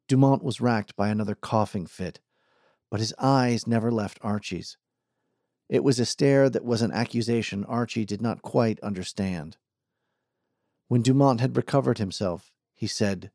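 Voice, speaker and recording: In a measured, even storytelling style, a man narrates an audiobook from a script. His pitch is fairly low, and the clean studio recording has no echo.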